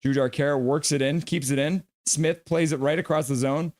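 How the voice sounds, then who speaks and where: Excitable high-voiced man calling hockey. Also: normal speed, dry recording, clean studio sound. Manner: excitable play-by-play, reads chat aloud. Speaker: live stream host. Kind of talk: live hockey reaction stream.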